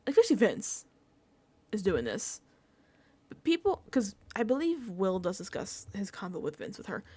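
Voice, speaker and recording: Animated, lively-voiced young woman vlogger. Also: medium pitch, normal speed, husky. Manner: animated, laughing, exasperated asides. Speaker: reality TV recap vlogger. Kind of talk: casual reaction commentary.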